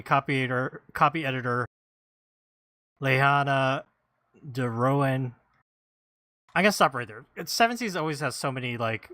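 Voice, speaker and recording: A man hosting a casual podcast, reading credits and blurbs in a halting, self-deprecating way. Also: medium pitch, pushed and bright, no room sound. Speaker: podcast host.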